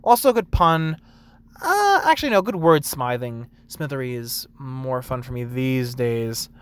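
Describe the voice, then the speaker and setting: A young man, a barista, rambling casually about work, full of fillers and bits where he acts out customers in a high sing-song voice. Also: sing-song, measured pace, clean tone. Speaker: barista vlogger.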